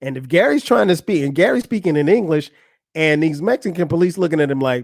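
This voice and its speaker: Fast and a little high, with vocal fry, this man hosts a podcast and tells a funny story in a laid-back, profane monologue. He brings others' lines to life with animated delivery. The studio-quality audio has no echo.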